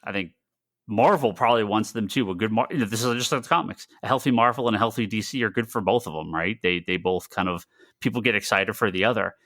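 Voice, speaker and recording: Podcast co-host, male, low and forceful, rambles excitedly, dry close sound. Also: fast, no echo. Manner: rambling, restarts sentences, excitable. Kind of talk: casual chat.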